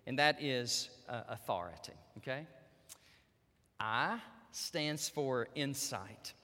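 A male pastor preaching a sermon, telling stories in an animated way and speaking directly to the women listening. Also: mid-range voice, slow pace, in a large hall. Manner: animated storytelling, addresses the women in the audience directly.

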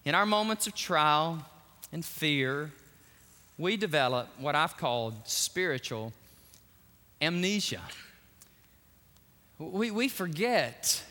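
A man preaching a sermon from a church pulpit, animated and exclamatory, with joking personal asides. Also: on the high side, slow, pauses often. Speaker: pastor. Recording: echoey church hall.

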